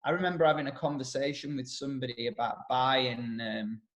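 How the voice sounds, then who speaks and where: A man's voice: mid-range voice, fairly quick. A man co-hosting a casual podcast, talking in a rambling, blunt way with many restarts. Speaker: podcast co-host, personal development coach. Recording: roomy echo.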